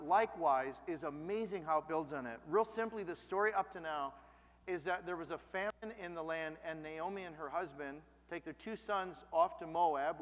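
A man preaching a sermon as a pastor, telling stories in a lively, expressive way. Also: high-pitched, long reverb tail. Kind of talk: sermon with personal storytelling.

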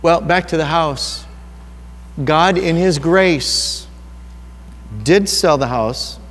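High-voiced preacher in a reverberant hall. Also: male voice, drawn-out words, a bit bright. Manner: earnest, personal and conversational, with rhetorical questions. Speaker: pastor. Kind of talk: sermon.

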